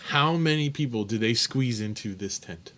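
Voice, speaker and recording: A man co-hosting a casual beer podcast, reading out trivia questions in a joking, animated way. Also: medium pitch, normal speed. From United States. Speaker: podcast co-host running trivia.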